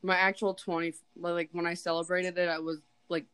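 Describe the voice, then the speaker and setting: A woman's voice: fairly low pitch, little pitch movement, fairly quick, a bit bright, clean tone, no echo, poor audio. A woman in her early twenties chatting casually, rambling along and filling her speech with "like". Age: early 20s. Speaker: podcast co-host. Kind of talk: casual chat.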